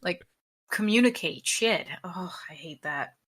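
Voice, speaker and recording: A woman's voice: on the low side, lively intonation, measured pace, a bit bright. Blunt, exasperated young woman co-host. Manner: blunt, exasperated, swears freely. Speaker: podcast co-host. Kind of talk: casual chat.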